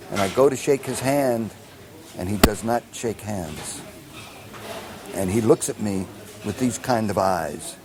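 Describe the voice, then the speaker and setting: A man's voice: on the low side, unhurried, pauses often, a crowd in the background. An older man, a composer telling a long anecdote and acting out the people in it, with many fillers and restarts. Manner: animated storyteller acting out quoted dialogue, many fillers and restarts. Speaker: film composer. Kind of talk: anecdotal storytelling in an interview.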